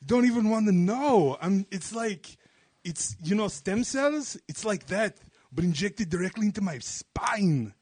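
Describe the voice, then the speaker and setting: A man's voice: a little high, big pitch swings, unhurried, pauses often, husky, dry recording, pitched below the performer's own voice, heavily acted. A man doing a comedic impression of an aging bodybuilder action star, rambling and boastful with lots of "you know".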